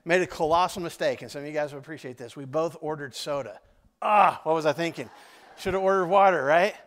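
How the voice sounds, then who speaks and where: A man's voice: on the high side, fast, fairly bright tone. A man, telling a personal story in a conversational sermon to his congregation, with asides to the audience. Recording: long hall reverb.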